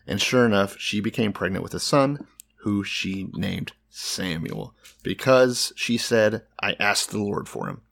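A man's voice: on the low side, big pitch swings, measured pace, creaky, a bit bright. A man co-hosting a casual podcast, retelling a scripture story in his own words with dry jokes. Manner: dry, joking paraphrase. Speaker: podcast co-host.

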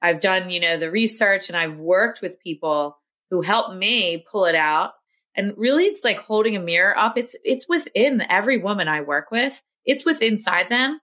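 Bright-voiced woman coaching with encouragement. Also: mid-range voice, animated, normal speed. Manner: earnest and encouraging, motivational. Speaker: health coach guest. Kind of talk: casual podcast conversation.

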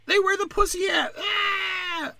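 A shrill, gloating celebrant shrieks in a squealing falsetto, far above a normal speaking voice. The voice is loud and shouted, with a bright, piercing edge. It is pure mocking caricature. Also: male voice, fairly even intonation, takes it slowly, gravelly, no room sound, heavily acted.

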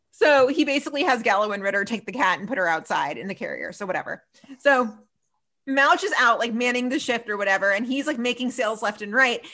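A woman co-hosting a podcast, recapping TV episodes in a casual, animated chat full of laughs and fillers. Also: a little high, brisk. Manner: animated, laughing, lots of "like" and "so funny". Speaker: podcast co-host.

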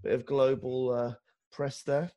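A man's voice: mid-range voice, little pitch movement, unhurried, warm tone. A man with an English accent co-hosting a podcast, chatting casually, hesitant and self-deprecating. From England. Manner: hesitant, lots of ums and uhs, self-deprecating. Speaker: podcast co-host.

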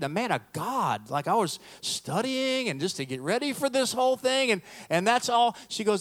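A man's voice: high voice, moderate pace. A middle-aged male pastor preaching a sermon, telling stories with humor and acting out the voices of the people in them. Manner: storytelling, animated, acts out quoted voices, self-deprecating humor.

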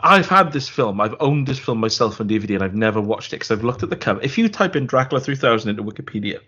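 A man's voice: medium pitch, lively intonation, fast talker, bright, forceful tone, husky. A man co-hosting a podcast, chatting casually about films, rambling and laughing often. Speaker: podcast co-host. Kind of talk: casual film chat. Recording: dull lo-fi sound.

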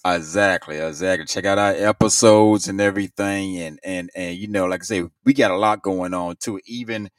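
A man's voice: deep voice, fairly even intonation, normal speed, few pauses, smooth, no room sound, far from the mic. A man co-hosting a casual music radio show, laid-back, repeating himself and laughing easily.

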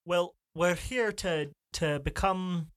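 A man's voice: high-pitched, takes it slowly, a bit bright, clean tone, no echo, studio quality. A man speaking as a player in a tabletop game, casual and matter-of-fact.

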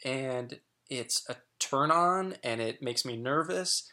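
A man's voice: mid-range voice, slow pace, sharp tone. A middle-aged man sharing candid personal stories as a guest, frank and chatty with lots of fillers and restarts.

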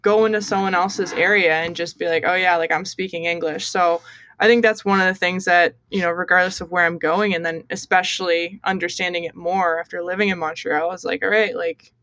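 Relaxed, chatty American woman guest. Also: lowish voice, a little fast, no room sound. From United States. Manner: relaxed and chatty, many fillers like "you know". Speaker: guest, hockey player. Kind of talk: casual podcast interview.

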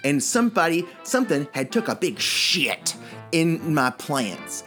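A man's voice: on the high side, sing-song, a little slow, a bit bright, soft background music. Playful male radio co-host. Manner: playful, teasing. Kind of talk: comedic banter.

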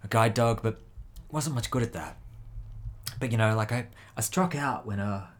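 A man's voice: on the low side, normal speed, close to an everyday voice. A man voicing a boastful, laid-back talking dog in a spoken joke, rambling with fillers. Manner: rambling, casual, full of fillers.

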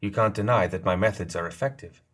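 A man voicing an impatient, skeptical young woman leader in an audiobook, close to his own low voice. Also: fast, a bit bright.

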